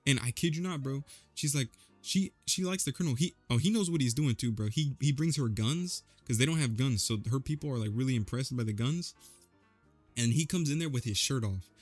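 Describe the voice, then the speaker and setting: A man's voice: medium pitch, a little fast, darkish tone, breathy edge, soft background music. A young man casually recapping a movie, rambling with lots of slang and fillers. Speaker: vlogger.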